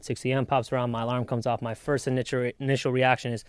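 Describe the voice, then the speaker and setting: A man on a podcast giving an animated, profane motivational talk in casual chat. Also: medium pitch, fast talker, smooth, no echo, studio quality.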